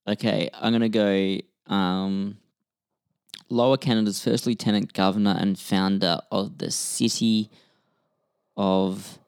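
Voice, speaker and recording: A man's voice: on the low side, fairly even intonation, slow pace, a little mellow, clear, resonant tone, no room sound, clean studio sound. A man, muttering and swearing as he thinks aloud through quiz answers in a casual chat. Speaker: quiz contestant, co-host.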